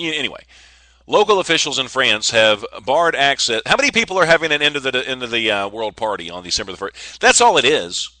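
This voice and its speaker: A man's voice: medium pitch, sharp tone, no echo. A man hosting a casual solo podcast, rambling and joking with frequent stammers and restarts. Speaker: podcast host.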